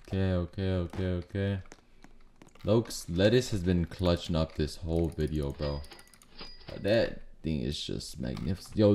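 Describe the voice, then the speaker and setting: A man giving live gameplay commentary, trash-talking and swearing, swinging between low muttering and sudden shouts. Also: slight background noise. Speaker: gaming YouTuber. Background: faint keyboard clicks and typing.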